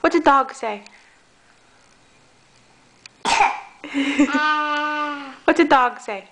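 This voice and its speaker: A woman using slow, sing-song baby talk as she coaxes a toddler at home, recorded on a home video camera. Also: high-pitched, background noise. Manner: sing-song, coaxing, playful. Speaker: caregiver playing with a toddler.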